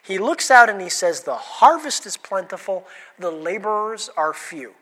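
A pastor with a high, sharp voice preaches an interactive sermon in a very animated way, at normal speed. He asks the congregation questions and calls on people by name, and the recording carries hall reverb.

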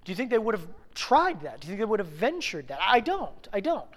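A man's voice: high voice, wildly swooping pitch, a little fast. A man in his thirties preaching a sermon as pastor, conversational, with many rhetorical questions to the congregation.

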